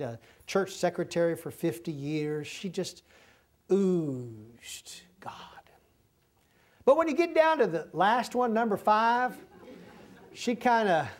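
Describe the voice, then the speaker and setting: A middle-aged man, preaching a sermon in a folksy, humorous storytelling way. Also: high voice. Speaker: pastor.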